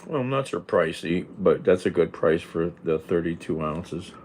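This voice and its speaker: A man's voice: deep voice, animated, measured pace, a little mellow, slight background noise. A man livestreaming from home, rambling casually and talking back bluntly to viewer comments. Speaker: livestreamer reading chat. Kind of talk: casual live-stream chat.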